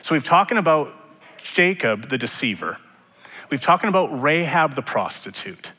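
A man's voice: on the high side, very animated, normal speed, pushed and bright, slightly rough. A man preaching a sermon in a church, conversational, with joking asides. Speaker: pastor. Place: church sanctuary. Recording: long reverb of a sanctuary.

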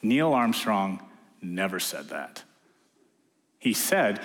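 Lively male preacher in an echoey hall. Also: mid-range voice, normal speed. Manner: lively storyteller, acting out quotes in character voices. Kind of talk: sermon.

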